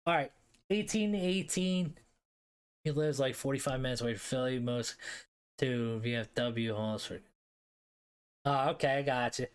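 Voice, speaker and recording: A man with a Philadelphia accent talks through a live stream in a relaxed, slangy way. He drops swear words and answers his chat as he goes. His pitch sits at an ordinary middle level for a man. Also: moderate pace, long pauses, clean tone. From Philadelphia area, US. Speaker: streamer host ranking hockey league teams. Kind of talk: casual live-stream commentary.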